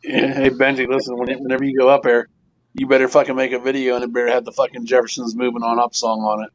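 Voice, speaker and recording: A man's voice: medium pitch, little pitch movement, fast talker. A man teasing a friend with profane banter in casual chat. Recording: dull lo-fi audio.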